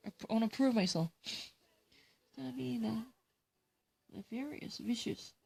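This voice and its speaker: A woman's voice: fairly high pitch, vocal fry, slightly rough. A woman with a Korean accent, Korean as her first language, reading English vocabulary words and definitions aloud and explaining them in casual solo study.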